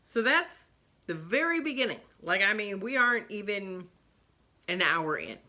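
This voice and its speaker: A woman's voice: medium pitch, sing-song, a little slow, sharp tone. A middle-aged woman chatting casually about books, rambling and going off on tangents. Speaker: book vlogger. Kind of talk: casual book chat.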